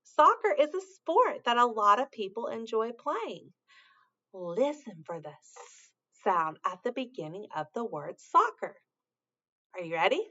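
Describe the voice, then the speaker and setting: A woman's voice: on the high side, very animated, unhurried, pushed and bright, highs cut off. A woman teaching a sound to young children in a patient, encouraging way, with sing-song praise and carefully spelled-out sounds.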